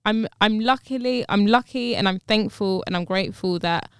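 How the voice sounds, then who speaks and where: A woman's voice: medium pitch, moderate pace, clean tone, no room sound, clean studio sound. A young woman chatting casually and bluntly, swearing freely as she tells a story. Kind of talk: casual chat.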